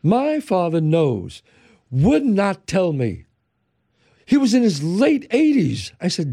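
Older man from New York, animated storyteller, with a gravelly, mellow voice and a swooping delivery. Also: high-pitched, slow. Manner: animated, acts out relatives' voices. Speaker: guest, actor and writer. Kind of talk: storytelling interview.

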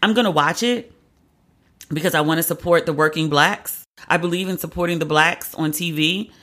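A woman's voice: low-pitched, moderate pace, a bit bright. Wry, chatty woman podcast host. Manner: chatty, wry, laughs often. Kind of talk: casual pop-culture commentary.

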